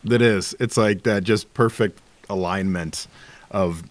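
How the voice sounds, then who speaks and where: A man's voice: lowish voice, unhurried, no echo. A man hosting an interview, asking long, rambling, enthusiastic questions. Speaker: interview host. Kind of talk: casual interview conversation.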